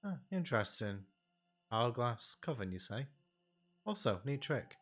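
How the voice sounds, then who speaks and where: A man's voice: mid-range voice, big pitch swings, unhurried, a bit bright. A man voicing a shrewd, folksy adventurer in a tabletop game, drawling and using old-fashioned words like "aye" and "reckon". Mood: curious.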